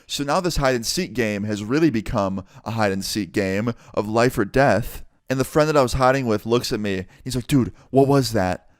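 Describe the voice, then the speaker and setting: A young man telling a storytime tale in a casual, animated way, acting out the quoted lines and swearing freely. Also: fairly low pitch, clean tone, dry recording, clean studio sound.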